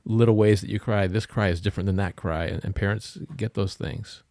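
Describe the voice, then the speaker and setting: An older man hosting as a therapist, calm and attentive, with short affirmations. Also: on the low side, brisk, no echo, studio quality. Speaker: therapist host. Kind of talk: conversational interview.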